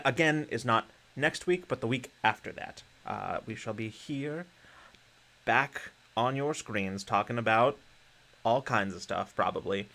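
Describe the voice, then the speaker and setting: A man's voice: mid-range voice, bright, forceful tone. A man hosting a live-streamed podcast, rambling through announcements with lots of fillers and easy laughter. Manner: rambling with many fillers and restarts; laughs easily. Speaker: podcast host. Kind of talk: casual livestream chat.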